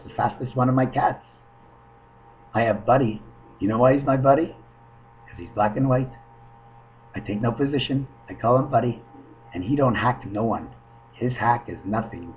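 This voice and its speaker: A man at home talks straight into his webcam, drifting from one pun to the next in a loose, sing-song ramble. His voice sits in an ordinary middle register. The audio is muffled and lo-fi, like a cheap built-in microphone. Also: medium pitch. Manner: free-associating wordplay, sing-song asides.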